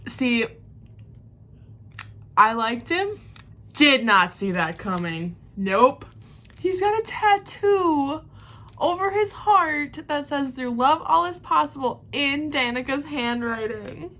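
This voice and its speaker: A woman giving a casual reading vlog reaction, excitable and rambling, gasping and squealing at plot twists. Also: high voice, slow pace. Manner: rambling recap with many fillers. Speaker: book vlogger.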